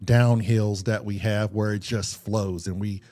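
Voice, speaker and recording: A man's voice: on the low side, fairly even intonation, measured pace, mellow. A man on a podcast talking earnestly and reflectively, swearing casually and often restarting his sentences. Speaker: podcast co-host.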